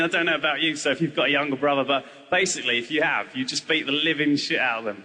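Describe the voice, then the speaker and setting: A man's voice: fairly high pitch, sharp tone. A man in his thirties from England, performing a whimsical, rambling surreal stand-up routine on a comedy club stage. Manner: whimsical, rambling, jumping into silly character voices.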